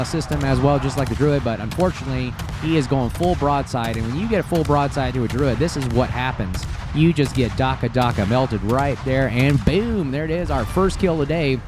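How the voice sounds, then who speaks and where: A man giving casual, excitable gameplay commentary over a desk mic, chatty and full of fillers. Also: medium pitch, background noise.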